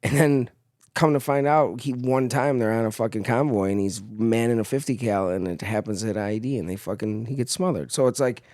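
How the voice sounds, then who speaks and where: A young man who spent time in the Marines is chatting on a podcast, and his stories are full of swearing. His voice sits in a middle pitch. He livens up as the anecdotes build, and the sound is dry and close. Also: a little fast, no echo. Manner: profane storytelling, animated in anecdotes. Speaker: podcast co-host, former Marine. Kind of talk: casual chat.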